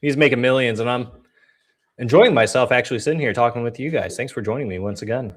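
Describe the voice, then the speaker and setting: A young man in his twenties calls the action as a livestream host. His play-by-play is casual and loose, and between plays he chats directly with his viewers in an ordinary, mid-pitched voice. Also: fast talker.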